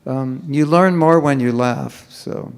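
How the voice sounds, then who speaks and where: Speaking slowly in a mid-range voice with vocal fry, this workshop leader sounds clear and resonant over his microphone. He keeps the live audience laughing and mimics sloppy, mumbled chanting to show what not to do.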